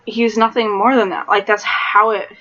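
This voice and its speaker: A woman's voice: medium pitch, flat delivery, moderate pace, background noise. A woman chatting casually about a TV episode, talking in loose repeated phrases full of "like". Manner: conversational, repeats "like" and restarts. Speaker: co-host reviewing an episode. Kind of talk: casual chat. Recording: dull lo-fi home recording.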